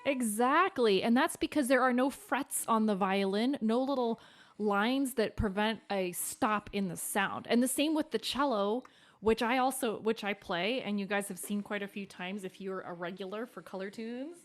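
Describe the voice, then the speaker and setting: A woman's voice: mid-range voice, normal speed. Upbeat woman hosting a kids' music show. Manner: upbeat, explains patiently, sings note sounds. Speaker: host and cellist. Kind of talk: children's music stream, explaining.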